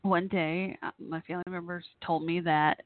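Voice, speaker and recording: A woman's voice: fairly low pitch, level tone. Emotional woman host on a phone line. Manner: halting and emotional, many fillers and restarts. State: near tears. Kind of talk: call-in radio talk show. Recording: tinny phone-line audio.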